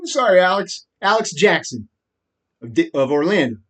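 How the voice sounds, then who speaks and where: A man's voice: on the high side, lively intonation, moderate pace. Agitated, profane man ranting to camera. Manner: frequent laughs and repeated "right?". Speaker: vlogger. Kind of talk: rambling monologue.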